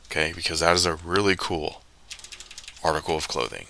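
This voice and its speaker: A man's voice: extremely low pitch, expressive, normal speed, gravelly, pushed and bright, a little hiss or hum. A man hosting a stream, talking in a rambling, casual monologue full of jokey asides and self-corrections. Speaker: stream host.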